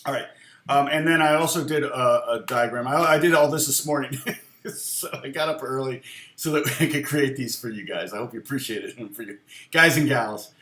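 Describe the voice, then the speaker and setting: A man's voice: medium pitch, normal speed, a bit bright, reverberant. A man teaching guitar on a casual live stream, chatting with viewers in a self-deprecating way and laughing often.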